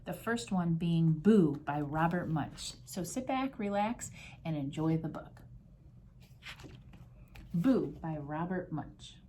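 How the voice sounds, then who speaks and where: Brief: woman reading a picture book aloud to students, low mellow voice, faint noise behind. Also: expressive, slow pace, pauses often.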